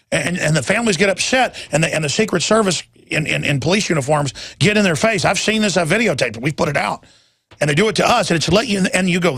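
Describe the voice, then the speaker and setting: A male talk radio host rants with heat and emphasis, stumbling over restarts as he pushes on. His voice is gravelly and a little higher than usual. The sound is dry and close. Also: animated, fast, fairly bright tone, no room sound. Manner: heated, emphatic, stammering restarts. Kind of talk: ranting talk radio monologue.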